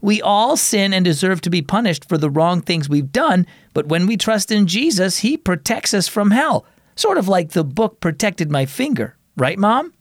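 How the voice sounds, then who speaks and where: A man's voice: high voice, sing-song, normal speed, dry recording, clean studio sound, voice pushed up. A man voicing a confident, teasing young boy in a children's audio story. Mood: playful. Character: cocky playful young boy.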